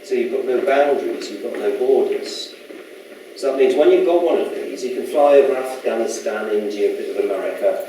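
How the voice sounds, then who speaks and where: Speaking fairly quickly in a mellow, medium-pitched voice, a man delivers a casual public lecture in a lecture room. He's chatty and rambling, often posing questions to the audience, and is recorded from a distance in an echoey hall with faint noise.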